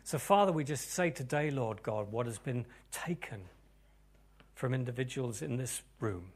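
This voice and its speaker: A pastor leading a congregation in a sermon and prayer, dropping to near-whispers and then rising to loud, fervent declarations. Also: male voice, medium pitch, expressive, moderate pace, gravelly, breathy edge.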